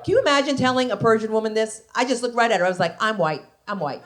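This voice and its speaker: A woman's voice: a little high, very fast. A middle-aged woman from New Jersey doing a stand-up comedy set, brash and profane, confiding in the crowd on a club stage. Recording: live club recording with noisy room.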